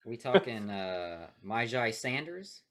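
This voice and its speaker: A man co-hosting a sports podcast in casual chat, opinionated and quick to get loud when riled. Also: medium pitch, sing-song. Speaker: podcast co-host.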